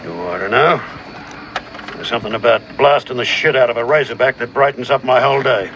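An actor playing a curt, dismissive boar hunter, in a film clip. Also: male voice, mid-range voice, a little fast, highs cut off, over music, natural voice. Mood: scornful. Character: gruff, laconic male boar hunter.

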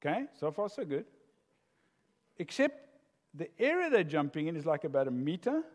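Older pastor, lively voice, hall reverb. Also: male voice, a little high, moderate pace. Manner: animated storyteller, laughs at own jokes. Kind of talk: sermon.

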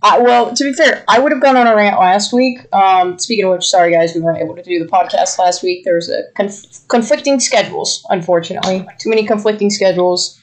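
A woman's voice: mid-range voice, fast, rough recording. A woman co-hosting a casual podcast, chatty, laughing easily and adding side comments. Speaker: podcast co-host.

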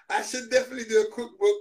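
A man holds forth in a playful interview, his voice sitting a bit high for a man. He jokes, laughs often and piles on slang, swinging from loud to hushed as he riffs. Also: poor audio. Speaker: guest. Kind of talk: playful casual interview chat.

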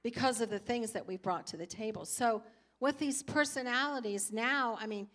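A woman's voice: fairly high pitch, moderate pace, a bit bright. An older woman speaking in church, teaching through personal stories and acting out her own past reactions. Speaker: pastor's wife teaching.

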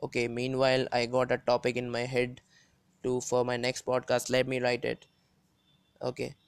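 A man hosts a solo motivational podcast, speaking at an ordinary middle pitch. His voice is smooth and resonant, and the sound is close and dry with no room around it. He talks earnestly, circling back to repeat and rephrase his points with many pauses and fillers. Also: completely flat delivery, no echo. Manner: earnest, repeats and rephrases himself with frequent hesitations. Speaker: podcast host.

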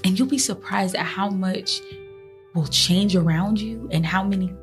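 A woman's voice: mid-range voice, moderate pace, soft background music. A woman hosting a motivational faith podcast, speaking earnestly and encouragingly to her listeners, often breaking into laughter. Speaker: podcast host.

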